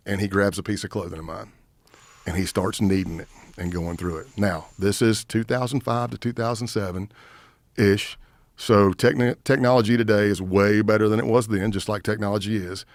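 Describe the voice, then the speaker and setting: Here the middle-aged guest, a retired FBI agent, speaks in a lowish voice at a moderate pace over a dry recording. He's an animated storyteller in this casual podcast interview, acting out the quotes of the people in his story.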